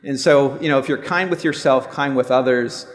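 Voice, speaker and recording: A man's voice: medium pitch, normal speed, in a large hall. A man in his fifties on a live panel, speaking in an earnest, reflective and open way about personal matters. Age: 50s. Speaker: law firm owner, panelist. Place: large stadium event on stage.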